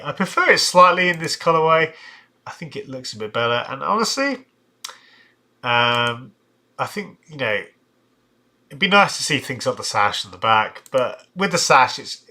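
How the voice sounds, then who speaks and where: A man's voice: mid-range voice, bright, forceful tone. A man hosting a live stream, reviewing football shirts and reading out viewer comments, thinking aloud with many fillers and restarts. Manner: reads out viewer chat comments.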